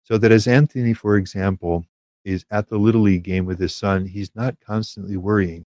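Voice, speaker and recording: A man giving a calm, measured spiritual teaching on prayer, with small fillers and restarts. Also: lowish voice, dry recording, highs cut off.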